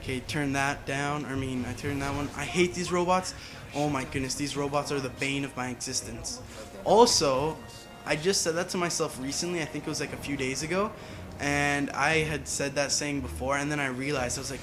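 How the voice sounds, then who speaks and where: A man's voice: fairly high pitch, moderate pace, music in the background. A man talking casually over a video game, rambling and drifting onto side tangents. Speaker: gaming channel host. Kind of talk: casual gameplay commentary.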